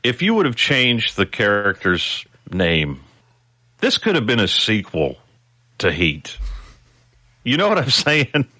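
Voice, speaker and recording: A man's voice: fairly low pitch, wildly swooping pitch, slow pace, long pauses, bright, forceful tone, no echo. A man guest-hosting a podcast, talking in a casual, thoughtful and wry way. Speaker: guest co-host.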